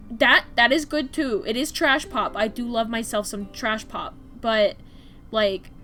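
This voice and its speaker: A young woman with a fairly high, sharp-toned voice draws on stream and chats loosely. She rambles, peppering her speech with "like" and restarting sentences, as faint music plays behind her.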